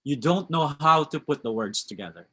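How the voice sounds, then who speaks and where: A man's voice: a little high, lively intonation, normal speed, a bit bright, slightly rough. A man with a West Coast American accent teaching a live online English class, reading out chat answers and commenting on them.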